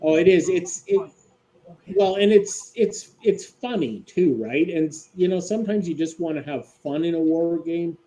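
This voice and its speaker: A man's voice: on the high side, moderate pace, mellow, poor audio. A man chatting casually in a group of gamers, loosely and with lots of "right?" and "like".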